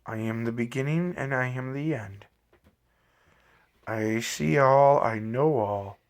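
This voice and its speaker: A man voicing a calm, cryptic, godlike young man who speaks in slow, grand declarations. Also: medium pitch.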